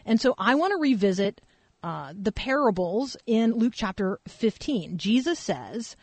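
A woman's voice: a little high, unhurried, breathy edge, no room sound. A woman preacher telling a story in a dry room. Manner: casual, animated storytelling with fillers. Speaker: pastor. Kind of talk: conversational sermon storytelling.

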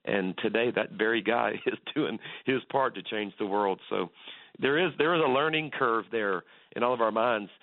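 A pastor with a lowish voice is interviewed on the radio at a moderate pace. Earnest in manner, he tells stories and restarts many times. The recording is dry and comes over a tinny phone line.

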